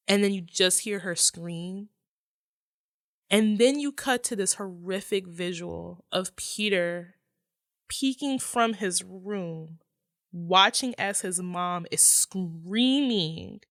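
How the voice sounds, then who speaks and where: A woman's voice: on the low side, slow, fairly bright tone, no echo, clean studio sound. A woman guest on a movie podcast, animatedly retelling film scenes in casual chat and swearing freely.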